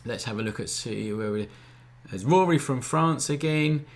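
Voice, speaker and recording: Hosting a photography Q&A on a live stream, a man with a mid-range voice talks at a moderate pace. His wording is relaxed and chatty, and he keeps checking on viewers with "all right?"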